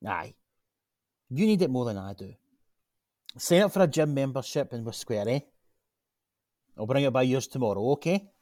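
A man's voice: medium pitch, normal speed, pauses often, no room sound, clean studio sound, close to an everyday voice. A man playing an earnest Glaswegian local. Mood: persuasive. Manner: earnest, persuasive, animated. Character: earnest local man, grandson of a chip-shop cook. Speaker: local man pitching a gym. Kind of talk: radio drama acting.

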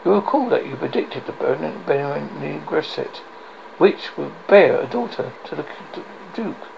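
A silky, mocking old baron, as a man reads him aloud, cruel and scheming. The voice is very gravelly and rises and falls a lot. It comes across as a storybook reading rather than a full performance. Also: fairly high pitch, lively intonation, moderate pace, a little mellow, dull audio, slight background noise.

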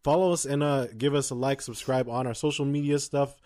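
Young guy cohosting a podcast, chill and loose, laughs a lot, mid-pitched voice. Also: fairly even intonation, fairly quick, darkish tone. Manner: laid-back, laughs often, loose filler-heavy talk. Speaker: podcast co-host. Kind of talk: casual chat.

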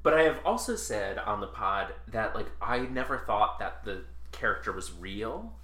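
An enthusiastic man co-hosting a podcast, laughing often as he recaps an episode. His voice is bright and swings widely in pitch, and the room adds a clear echo. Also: sing-song, normal speed. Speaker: podcast co-host. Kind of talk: casual chat about a TV show. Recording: roomy echoey room.

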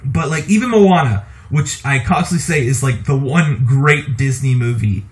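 A man co-hosting a podcast, talking casually about movies in an animated, opinionated way and laughing often. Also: mid-range voice, normal speed. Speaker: podcast co-host.

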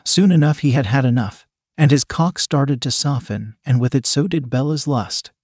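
A man reading a story aloud in a steady, scripted narration style. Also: mid-range voice, normal speed, husky, no room sound, studio quality.

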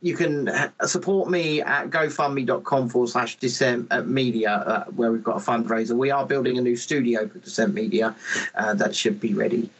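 A man's voice: medium pitch, steady tone, moderate pace, poor audio. A man with an English accent hosting a podcast, chatting casually with sarcastic jokes and heavy swearing. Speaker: podcast host. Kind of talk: casual chat.

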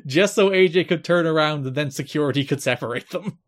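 Man, podcast co-host, dry wry recaps, a touch high-pitched. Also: brisk. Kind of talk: casual wrestling podcast chat.

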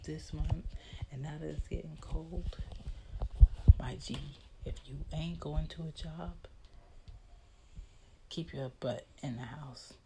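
Blunt gravelly-voiced woman lecturing. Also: low voice, background noise. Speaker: vlogger. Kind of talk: casual monologue rant. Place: hallway of her home.

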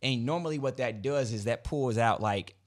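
Relaxed man explaining sales calls. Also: medium pitch, moderate pace. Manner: relaxed, explanatory, repeats words and restarts often. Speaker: guest, credit business owner. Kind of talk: casual podcast conversation.

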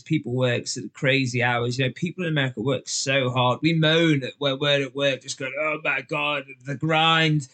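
A man's voice: mid-range voice, fairly bright tone. Chatty man with a Liverpool accent. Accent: Liverpool English. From England. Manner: chatty storyteller, lots of fillers, acts out voices. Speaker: guest, ultra endurance runner. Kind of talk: casual podcast chat.

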